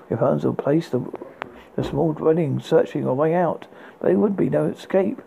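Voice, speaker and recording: A man's voice: a little high, moderate pace, gravelly, warm tone, slight background noise, poor audio. A man reading a fairy tale aloud, unpolished, often stumbling and restarting words. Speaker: narrator. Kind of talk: storybook reading.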